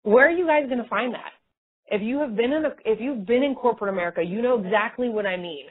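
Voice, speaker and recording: A woman leading a motivational sales training call, talking in an energetic, rambling, casual way. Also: fairly high pitch, fast. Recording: tinny phone line.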